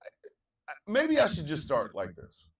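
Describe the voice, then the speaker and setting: A man hosting a morning talk show, animated, chanting hype calls and ranting, swinging between shouts and low asides. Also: normal speed, distant mic, rough recording. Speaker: radio show host.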